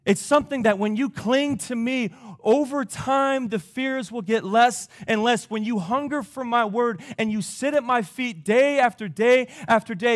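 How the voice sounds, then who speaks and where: High-voiced male preacher, emphatic delivery. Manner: emphatic, with rhetorical questions and big swings in loudness. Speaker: pastor. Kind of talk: sermon.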